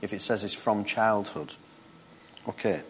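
A man's voice: on the low side, flat delivery, measured pace, slight background noise. A man giving an informal Bible teaching, reading scripture aloud and breaking off into conversational asides. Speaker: preacher.

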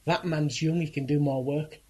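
A man playing a calm, resolute priest. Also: on the high side, moderate pace, husky. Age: 40s. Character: calm, selfless middle-aged male priest.

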